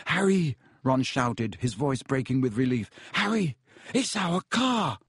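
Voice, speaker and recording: A man's voice: normal speed, dry recording, clean studio sound. A man reading as a jumpy teenage boy wizard. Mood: elated. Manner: high voice when excited.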